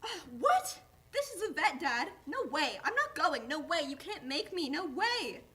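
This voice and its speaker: An eager young male dog in a play reading, high and chatty, forever calling his owner "Dad.". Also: animated, moderate pace, fairly bright tone. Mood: refusing.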